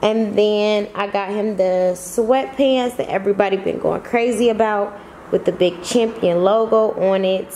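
A woman's voice: mid-range voice, measured pace, warm tone, slight background noise. A woman vlogging casually at home, chatty and slangy, laughing often. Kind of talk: casual vlog chat.

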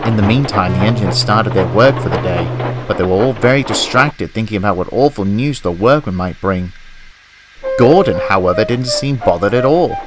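Man narrating a storybook, low voice. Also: expressive, moderate pace, music in the background, low-quality recording.

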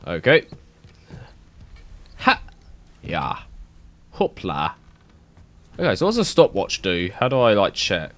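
A young man talks through a game in loose let's-play commentary, rambling and excitable. His lowish voice swoops up and down with lively pitch. He swears freely and thinks out loud as he goes. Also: brisk, few pauses. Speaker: gaming YouTuber.

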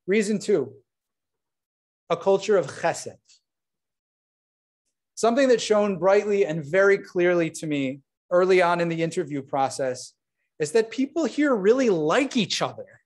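A man with a notably high voice delivers a rabbi's installation sermon. He speaks earnestly and warmly to his congregation. He breaks off now and then for friendly asides. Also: lively intonation, a little slow, long pauses. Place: synagogue sanctuary.

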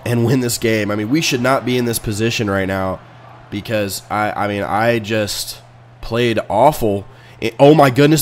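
A man casually commenting on his own video game match, excitable and swinging between low muttering and sudden loud outbursts. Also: a little hiss or hum. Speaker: video game player and channel host. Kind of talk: casual let's-play commentary.

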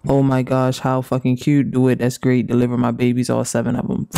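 A man doing casual, profane reaction commentary and reading messages aloud, with drawn-out reactions. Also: mid-range voice, fairly even intonation, creaky, warm tone, smooth, no echo. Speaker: commentary YouTuber.

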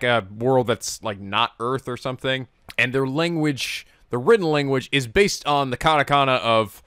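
Excitable, bright-voiced man reacting. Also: medium pitch, clear, resonant tone, dry recording, studio quality. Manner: excitable, laughs and exclaims often. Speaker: anime reaction host. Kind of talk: reacting to an anime episode.

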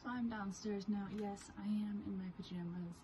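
A woman in her twenties vlogging at home, giving her dog commands in a raised pet-talk voice and chatting quietly to the camera. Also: mid-range voice, fairly even intonation, normal speed, background noise. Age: 20s. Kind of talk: casual vlog, training her dog. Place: home, indoors.

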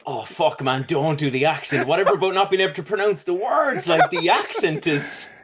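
Lively man with a Cork Irish accent. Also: a little high, fairly quick, slightly rough. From Ireland. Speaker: guest comedian. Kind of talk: casual interview chat.

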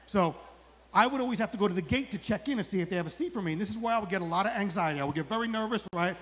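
Fast-talking high-voiced comedian, forties. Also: male voice, expressive, a bit bright, big-room sound. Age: 40s. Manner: acts out characters in high put-on voices. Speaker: stand-up comedian. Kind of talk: live stand-up routine. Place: outdoor comedy club stage.

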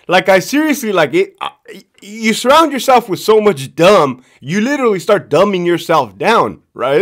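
A man's voice: high voice, sing-song, moderate pace. A man telling prison work stories in a casual, profane monologue, laughing often and repeating his punchlines for emphasis.

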